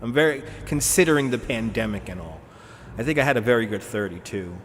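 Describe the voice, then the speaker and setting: A man's voice: mid-range voice, lively intonation, quick pace, slight background noise. A man in his forties chatting casually on a live stream while he drives in a truck simulator, laughing often and answering his chat. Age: 40s. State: drinking beer while streaming.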